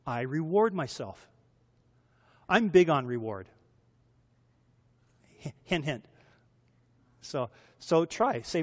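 A man's voice: fairly high pitch, very animated, a little slow, long pauses. A man preaching a sermon in a conversational way. He asks his listeners rhetorical questions and puts on lighter voices for the people he quotes. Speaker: pastor. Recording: long hall reverb.

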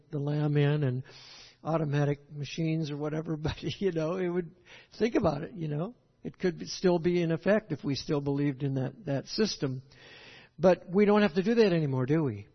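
An older man preaching a sermon, folksy and rambling, often checking with "right?". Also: a little high. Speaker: pastor. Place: church sanctuary. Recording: echoey hall, dull lo-fi sound.

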